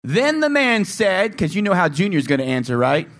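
Animated high-voiced male preacher. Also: moderate pace. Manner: animated, acts out voices and asks the congregation questions. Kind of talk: sermon.

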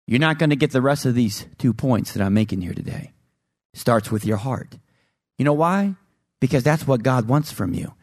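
A man preaching a sermon as pastor, with an emphatic delivery that swings between loud highs and low, slow lines. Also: expressive, dry recording, studio quality.

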